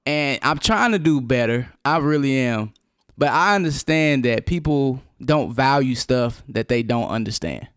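Animated, blunt man with an expressive voice. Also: medium pitch, a little slow, smooth, no echo, studio quality. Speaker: podcast co-host. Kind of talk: casual chat. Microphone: studio mic.

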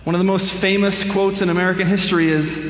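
A man's voice: high voice, little pitch movement, fast. A man preaching a sermon as pastor, conversational and wry, poking fun at himself as he talks to the congregation. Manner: conversational, self-deprecating humor. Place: church sanctuary. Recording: echoey hall with long reverb.

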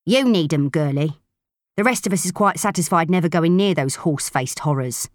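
A woman's voice: lowish voice, expressive, normal speed, dry recording, studio quality, close to an everyday voice. Woman doing a coarse grumbling pirate crewwoman. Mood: complaining. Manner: coarse, complaining, ungrammatical. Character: rough-spoken grumbling female pirate crewwoman.

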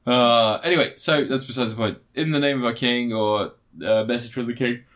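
Tired bloke rambling about a movie, swears a lot, um and like everywhere. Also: male voice, medium pitch, steady tone, brisk, fairly bright tone. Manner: rambling, sweary, full of fillers and restarts. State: tired, yawning. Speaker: podcast host reviewing a film. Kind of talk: casual chat.

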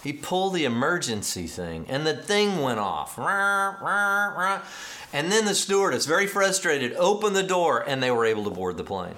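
A man preaching a sermon, telling a story with animated, acted-out dialogue and excited emphasis. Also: medium pitch, brisk, hardly any pauses. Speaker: pastor.

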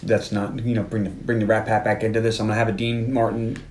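Male podcast host, playful scene-by-scene recap with quick impressions, recorded in a roomy space. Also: lowish voice, a little hiss or hum. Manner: animated retelling with quick impressions of characters. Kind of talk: casual movie podcast recap.

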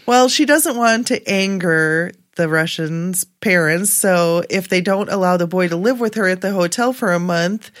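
A woman's voice: lowish voice, moderate pace, hardly any pauses. Woman co-host reading news stories. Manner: reads out items with dry asides, laughs easily. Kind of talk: radio talk show, reading stories aloud.

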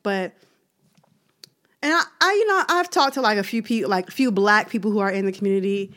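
A woman with co-hosts a casual chat. She is animated and emphatic, quick to object and push back on her friend's points. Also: mid-range voice. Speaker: podcast co-host.

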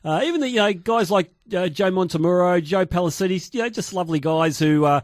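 An opinionated man argues football on sports radio with a high voice. The studio sound is dry and close, with no room around it. He keeps pushing the same point while others talk. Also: a little fast, no room sound. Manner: opinionated, repeats his point over others.

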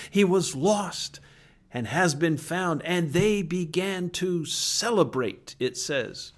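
A man delivering a sermon with earnest conviction, his voice sitting a little higher than most men's. He leans hard on key phrases and lets dramatic pauses hang before dropping to a hush. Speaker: pastor.

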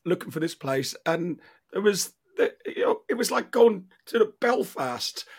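A man's voice: high-pitched, big pitch swings, normal speed, slightly rough. A man with an Irish accent hosting a football podcast, chatty and full of laughter. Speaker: podcast host. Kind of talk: casual football chat.

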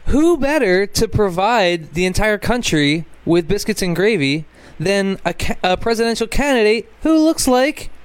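A man co-hosting a comedic radio show, riffing deadpan on absurd conspiracy jokes. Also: sits high, normal speed, clean tone, no room sound.

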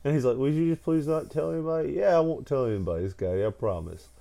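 A man telling a childhood story in casual chat, animated and often laughing as he talks. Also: fairly high pitch, fast talker, vocal fry. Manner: animated, laughs through his own story.

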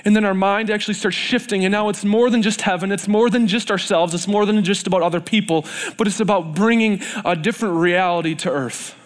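A man's voice: high-pitched, a little fast, hardly any pauses. A man preaching a sermon in a church, earnest and repetitive, building in intensity.

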